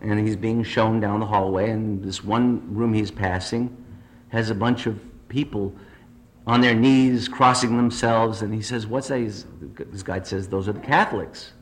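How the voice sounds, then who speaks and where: A man's voice: on the low side, fairly even intonation, unhurried. A man telling a string of jokes to a recovery group, chuckling through his punchlines. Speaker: speaker at a recovery meeting. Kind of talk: stand-up joke telling.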